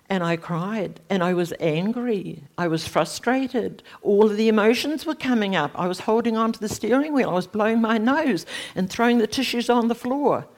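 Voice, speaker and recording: A middle-aged woman, giving a personal faith testimony in animated storytelling, her voice leaping high at emotional moments. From New Zealand. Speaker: speaker sharing a testimony.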